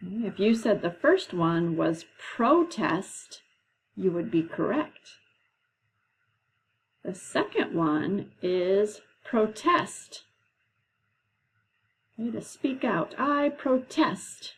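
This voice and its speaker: A woman teacher leading a classroom lesson, explaining patiently and slowly, with frequent "okay"s. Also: fairly low pitch, animated, a little mellow, breathy edge, poor audio. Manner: slow, patient, drawn-out explanations.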